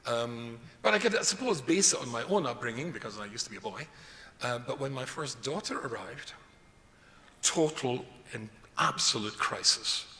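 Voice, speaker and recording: A man's voice: mid-range voice, lively intonation, normal speed, sharp tone. A middle-aged man, a rabbi giving a jokey, self-deprecating lecture full of stories. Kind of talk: humorous lecture with storytelling. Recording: reverberant hall with faint noise.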